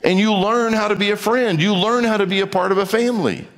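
A man preaches a sermon in a casual, conversational way, reading scripture aloud and acting out little exchanges with growing emphasis. His voice sits a bit high for a man. The sound carries a long reverb, as from a large church hall. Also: steady tone, fairly quick, fairly bright tone. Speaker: pastor.

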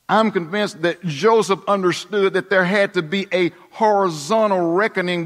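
High-voiced man preaching in a hall. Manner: preaching with sweeping shifts between hushed and emphatic delivery. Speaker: pastor. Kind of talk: sermon. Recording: long reverb of a large hall.

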